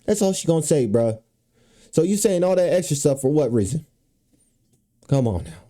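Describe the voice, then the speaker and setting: Another reaction streamer chats loosely with heavy slang and filler, leaning on "bro" and "you know what I'm saying." His slightly high, mellow voice moves at a normal speed with lively intonation.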